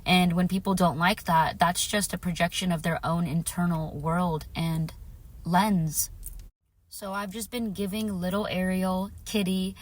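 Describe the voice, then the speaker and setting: A woman's voice: on the low side, fairly even intonation, unhurried. A woman vlogger telling a personal story in a casual, earnest way, repeating phrases for emphasis and affirming her viewers directly. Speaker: spiritual vlogger.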